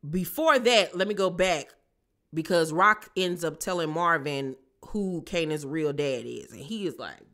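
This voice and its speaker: A bright, forceful voice runs through a casual recap of a TV episode with plenty of sass. The host drops in slangy asides to viewers and pins down each story turn. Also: mid-range voice, animated, measured pace.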